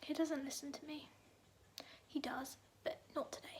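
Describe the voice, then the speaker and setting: A woman's voice: high voice, little pitch movement, normal speed, slight background noise. A young woman chatting casually at home in a rambling vlog, full of "like" and often dropping to a near whisper, filmed on a handheld phone camera. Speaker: vlogger. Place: at home, bedroom.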